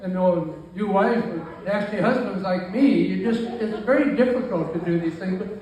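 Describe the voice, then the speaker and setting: A man's voice: sits high, normal speed, a little mellow. A man in his nineties giving a rambling, joking speech at his own birthday party, teasing the guests. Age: 90s. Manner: joking, rambling, self-deprecating. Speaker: birthday speaker. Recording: far-off mic in an echoey room with faint ambient noise.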